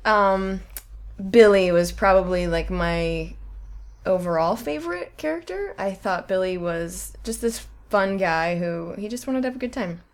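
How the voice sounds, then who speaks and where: A woman's voice: medium pitch, lively intonation. A woman chatting casually in an interview about making a film, giggling often as she talks. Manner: giggly, chatty, quick to laugh. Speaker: filmmaker interviewee.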